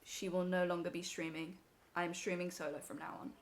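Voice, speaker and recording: A woman's voice: on the low side, little pitch movement, brisk, slight background noise. A young woman on a live stream, emotional and teary as she talks to her chat from home.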